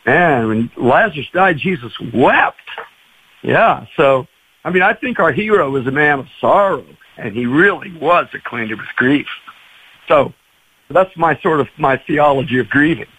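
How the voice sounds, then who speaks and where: A man speaks as a pastor guest on a radio show, telling stories and acting out the quotes. His voice sits high and swings widely in pitch. It has a husky edge. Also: a little slow, rough recording. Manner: animated, acts out quoted voices. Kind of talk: storytelling on a radio talk show.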